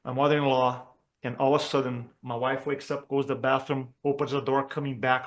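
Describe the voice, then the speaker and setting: A man from Brazil, a communication trainer telling a personal story during a talk for chiropractors, earnest and expressive as he acts out the dialogue. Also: mid-range voice, a little fast. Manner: earnest and expressive, acts out quoted dialogue, with frequent fillers and restarts.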